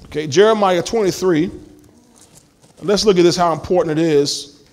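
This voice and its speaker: A man's voice: high-pitched, normal speed, darkish tone. A male pastor preaching a sermon in a church, emphatic and full of call-and-response questions to the congregation.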